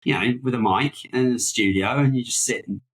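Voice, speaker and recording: A man's voice: medium pitch, a little fast, low-quality recording. A man co-hosting a casual film-review podcast, talking in a rambling, hesitant way full of fillers and restarts. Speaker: podcast co-host.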